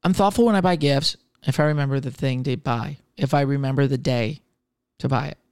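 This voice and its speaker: A man's voice: mid-range voice, a little fast, darkish tone, clear, resonant tone, dry recording, studio quality. A young man hosting a comedy podcast on his own, chatting loosely, rambling, swearing freely and laughing at himself. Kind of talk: casual solo chat.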